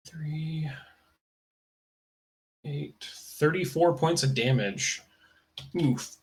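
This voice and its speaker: A man's voice: a little high, very slow, darkish tone. A man narrating a tabletop game as game master, in a casual, loose style with fillers like "kinda" and "uh".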